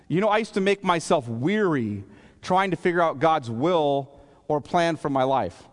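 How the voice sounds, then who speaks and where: A man's voice: on the high side, lively intonation, moderate pace, big-room sound. A man preaching a sermon as pastor, explaining scripture and asking the congregation questions. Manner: asks the congregation questions, expository. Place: church sanctuary.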